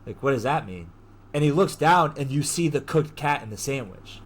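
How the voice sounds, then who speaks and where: A man hosting a podcast, retelling a story in a casual, animated way, full of slang and swearing. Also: medium pitch, moderate pace, slightly rough. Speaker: podcast host. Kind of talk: casual chat.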